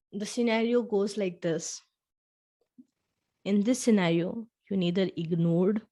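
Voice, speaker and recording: A woman hosting a podcast, talking the listener through a scenario in the second person with soft asides, and slowing down on key points. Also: lowish voice. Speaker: podcast host. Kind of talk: reflective storytelling podcast.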